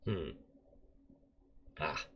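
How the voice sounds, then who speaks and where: A man's voice: very slow, fairly bright tone, a little hiss or hum. A man voicing a gaunt, cranky old male prisoner who exclaims and uses old-fashioned phrasing. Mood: rambling. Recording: dull lo-fi recording.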